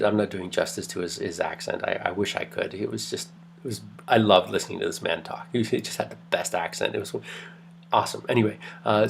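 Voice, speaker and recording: Middle-aged guy lecturing, low gravelly voice, meanders a lot, faint hum in the back. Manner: rambling, restarts, lots of fillers. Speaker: university lecturer. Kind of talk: casual classroom lecture with anecdotes.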